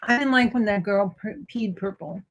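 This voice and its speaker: An American woman co-hosting a casual live stream, making short, dry, low-key remarks. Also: moderate pace. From United States.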